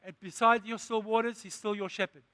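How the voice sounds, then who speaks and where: A man's voice: sits high, steady tone, a little fast, pushed and bright, no echo. A man preaching a sermon, asking the congregation questions and building to emphatic lines. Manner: call-and-response preaching, rising to emphatic.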